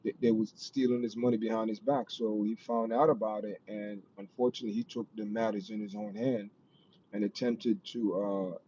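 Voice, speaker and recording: This man's voice is fairly low, warm, and steady, at a normal speed. Hosting a casual livestream with a Jamaican accent, he rambles to viewers, repeats himself, and often says "you know what I mean," all in dull lo-fi audio with faint noise.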